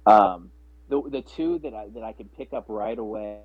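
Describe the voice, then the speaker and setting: Low, husky man on a thin phone line. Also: moderate pace, dry recording. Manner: rambling, many restarts and fillers. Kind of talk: casual chat about films. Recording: dry, phone-like narrow sound.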